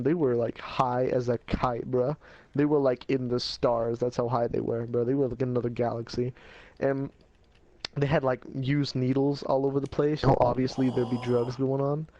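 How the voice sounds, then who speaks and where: A man's voice: medium pitch, warm tone, no echo, highs cut off. A man telling a casual life story in a rambling, slangy way, laughing at himself as he goes.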